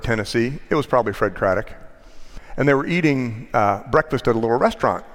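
Man, pastor, sermon, storytelling, average pitch, echoing hall. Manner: storytelling with measured pauses. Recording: long hall reverb.

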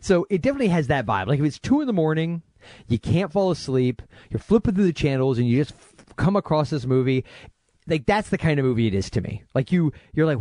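A man's voice: on the high side, big pitch swings, fast talker, dark tone, dry recording. Podcast guy rambling about old movies, jokey, voice bouncing all over, dry close mic. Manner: rambling, jokey, lots of fillers and restarts. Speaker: podcast co-host. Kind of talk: casual chat about movies.

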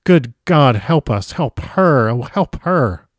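A man's voice: on the low side, normal speed, a little mellow, no room sound, clean studio sound, natural voice. A man voicing a frantic young husband who cries out and pleads with urgent alarm.

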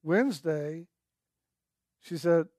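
A man shares a spiritual testimony in a gentle, earnest storytelling voice. He often lingers on and repeats his key words. His voice sits somewhat high, and it is recorded close up in a dry space with no room echo. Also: slow pace. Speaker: speaker sharing a personal testimony.

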